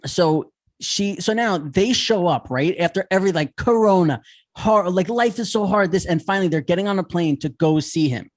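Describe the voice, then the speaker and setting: A man co-hosting a podcast, telling a story in an animated, ranting way with lots of swearing. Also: high voice, normal speed. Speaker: podcast co-host. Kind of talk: casual chat.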